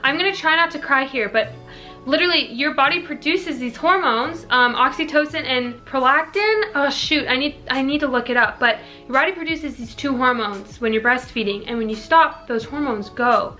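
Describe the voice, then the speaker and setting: Young woman vlogger, bright and slightly high, chatty Q&A, faint music under. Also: normal speed. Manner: chatty, earnest, peppered with "like" and "you know". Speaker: fitness vlogger answering viewer questions. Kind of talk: casual Q&A chat to camera.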